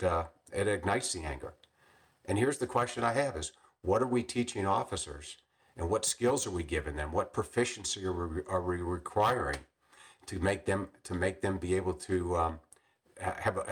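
An older man, a retired police captain, telling stories in a podcast interview with many restarts and frequent throat clearing. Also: deep voice, fairly bright tone.

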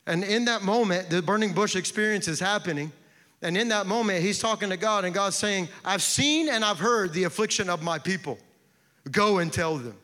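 In a large church sanctuary, where a long reverb carries the sound, a pastor builds an impassioned sermon through repeated refrains. His male voice is high and bright, and he speaks at normal speed.

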